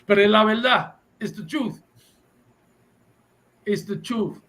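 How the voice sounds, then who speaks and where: A man teaching a class, reading passages aloud and restating them forcefully in English and Spanish. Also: high-pitched, takes it slowly, poor audio. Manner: preachy, reads text aloud and restates it, switches between English and Spanish.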